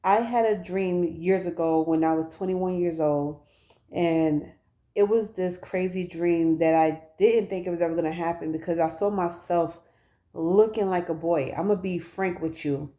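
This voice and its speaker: A woman's voice: fairly low pitch, normal speed, warm tone. A woman in her thirties talking casually and candidly to her viewers in a personal vlog, recorded on a phone. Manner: chatty, candid storytelling to viewers. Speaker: vlogger.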